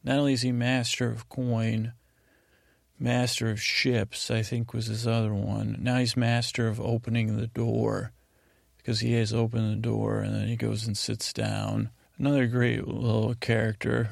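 A man hosting a sleep podcast, recapping a TV episode in a meandering, hesitant way, often breaking into quick impressions of the characters. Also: on the low side, little pitch movement, creaky, no echo, clean studio sound. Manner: meandering, hesitant, acts out scenes in quick voices. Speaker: podcast host.

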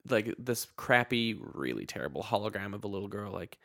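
A man's voice: fairly low pitch, expressive, fairly quick, creaky, a bit bright, dry recording, studio quality. A man co-hosting a casual film podcast, blunt and swearing as he picks a movie apart. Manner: blunt, swears, mock-quotes characters. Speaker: podcast co-host. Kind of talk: casual film review chat.

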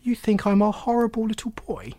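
A cross, proud little boy, as a man puts him on for a storybook, speaking indignantly. He is pitched well above the reader's own voice, and the sound is dry and close. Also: lively intonation, takes it slowly, no room sound. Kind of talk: storybook character voice.

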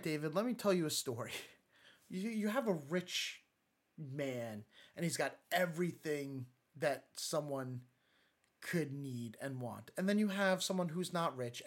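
A man giving a casual, conversational sermon talk, retelling Bible stories with lots of fillers and acted-out quotes. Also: a little high. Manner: conversational, many fillers and restarts, acts out quotes. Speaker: church speaker.

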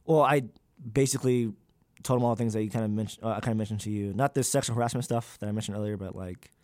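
A man's voice: fairly low pitch, fast, a little mellow, no echo. A young man, a graduate student, talking candidly in an interview, with many fillers and loose, rambling sentences. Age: young adult.

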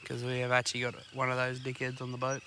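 A man's voice: medium pitch, completely flat delivery, fast talker, bright, forceful tone, slight background noise. An Australian man hosting a fishing podcast from a boat, bluntly swearing his way through rambling stories. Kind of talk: casual banter while fishing. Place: outdoors on a boat on a river. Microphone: portable recording equipment on the boat.

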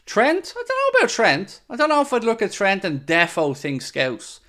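Man, young adult, podcast host, slightly high pitch, casual chat, opinionated, chatty asides. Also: wildly swooping pitch, normal speed, a bit bright. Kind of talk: casual chat reading out live chat comments.

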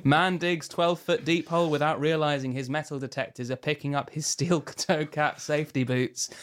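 Man doing a spoof male newsreader: mock-grave, slow, over-formal. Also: on the high side, fairly even intonation, a bit bright, close to an everyday voice. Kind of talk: comic parody news reading.

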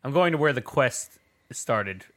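A man's voice: mid-range voice, expressive, measured pace, a bit bright. A man playing a tabletop role-playing game, rambling and self-mocking, often laughing at himself. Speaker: player. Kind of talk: tabletop role-play chat.

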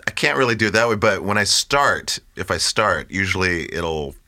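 A man chatting as a guest on a podcast, animated, often slipping into playful voices. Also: deep voice, moderate pace, no room sound, studio quality. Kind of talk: casual chat.

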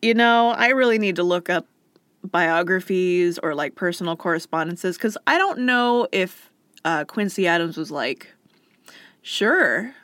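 A woman co-hosting a casual chat, recounting facts in a relaxed, wry way. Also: on the low side, normal speed, no room sound.

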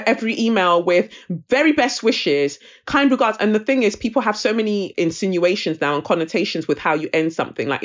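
Brief: woman guest, blunt and lively chatter, slightly dull lo-fi sound. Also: lowish voice. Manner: direct, animated storyteller who puts on voices. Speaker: podcast guest. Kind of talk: casual chat.

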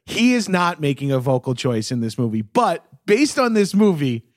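Male podcast guest, slightly higher voice, jokey, laughs a lot, swears. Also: very animated, normal speed. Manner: joking, laughs often, profane. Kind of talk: casual chat.

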